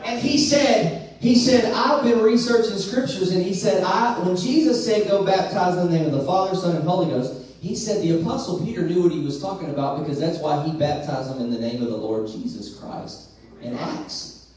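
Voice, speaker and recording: A pastor preaching a sermon, moving from soft, quick storytelling to loud, drawn-out calls. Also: male voice. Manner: preaching that drops to a soft storytelling voice and rises to a loud high call. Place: large church sanctuary. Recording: very echoey church heard from far off.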